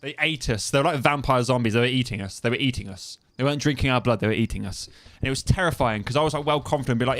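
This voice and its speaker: A man's voice: medium pitch, very fast, a bit bright. A young man streaming a game, chatting casually, swearing freely and laughing often. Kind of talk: casual gaming stream chat.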